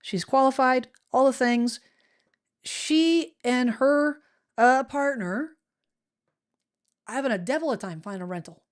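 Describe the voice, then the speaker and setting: A middle-aged woman and real estate agent talking to camera, chatty and animated, often restarting her sentences. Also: high voice, unhurried, pauses often, smooth. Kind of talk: casual explanatory talk to camera.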